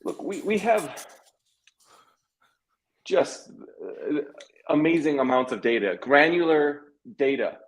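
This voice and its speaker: A man's voice: a little high, expressive, poor audio. A man doing a blunt tech boss, shaky South African accent. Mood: matter-of-fact. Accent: South African, put on. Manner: terse, halting, dismissive. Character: blunt male tech CEO, impression. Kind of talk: comic impression on a livestream.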